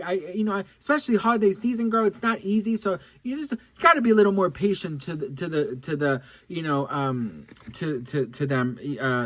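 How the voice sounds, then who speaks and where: A man's voice: high voice, no room sound. Campy, gossipy man with a swooping voice. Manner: campy, gossipy and animated, with lots of swearing and "girl"; rambling with frequent restarts and asides. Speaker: celebrity gossip vlogger. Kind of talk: casual chatty storytelling to camera.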